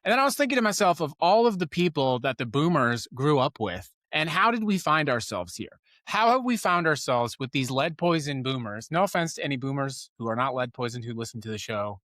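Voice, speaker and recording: A man's voice: mid-range voice, big pitch swings, a little fast, few pauses, a bit bright, no room sound, clean studio sound. A man hosting a live news commentary show, riffing sarcastically and breaking off his own sentences. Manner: sarcastic, riffing, self-interrupting. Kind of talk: rambling political commentary.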